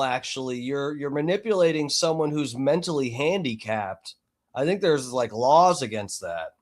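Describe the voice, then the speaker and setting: A man hosting a podcast, talking loudly and excitably in casual chat, with frequent swearing. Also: a little high. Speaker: podcast host.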